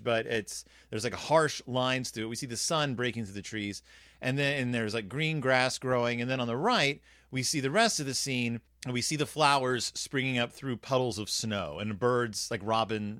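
Rambling, animated man chatting. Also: medium pitch, dry recording, studio quality. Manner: rambling, digressive, frequent self-interruptions; jokey, conversational asides. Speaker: podcast host reviewing a children's book. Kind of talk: casual chat.

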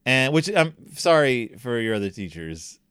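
A man hosting a comedic book review, talking in an animated, jokey way with wry asides. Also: mid-range voice, normal speed, clear, resonant tone, dry recording, clean studio sound.

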